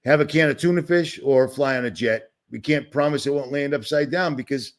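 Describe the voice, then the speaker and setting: This is a man from Boston on a livestream, ranting sarcastically and agitatedly in a rambling way as he shares his screen. He talks fairly quickly in a mid-range voice.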